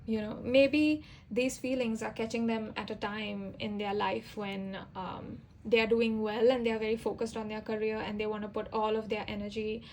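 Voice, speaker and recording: A woman's voice: medium pitch, little pitch movement, moderate pace, hardly any pauses, a little mellow, slight background noise, rough recording. A young woman giving a casual tarot reading to camera, chatty and rambling, with fillers and self-corrections. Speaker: tarot reader.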